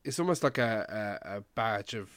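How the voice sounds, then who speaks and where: A man's voice: on the low side, expressive, moderate pace, fairly bright tone, clean tone, dry recording. A man co-hosting a history podcast, jumping in eagerly with questions and ideas. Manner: eager, chimes in with questions and requests. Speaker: podcast co-host. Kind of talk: casual history podcast chat.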